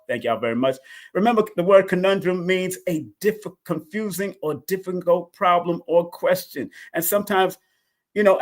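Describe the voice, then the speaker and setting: A man hosting a live call-in stream, talking casually and repeating himself with lots of energy. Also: on the high side. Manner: repetitive, animated, talks to chat and callers.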